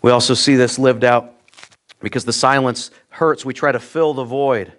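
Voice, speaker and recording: A man's voice: fairly even intonation, moderate pace. Earnest male pastor preaching. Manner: earnest, direct, repeats words when starting a thought; swings between loud emphatic peaks and quiet low asides. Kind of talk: sermon. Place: church.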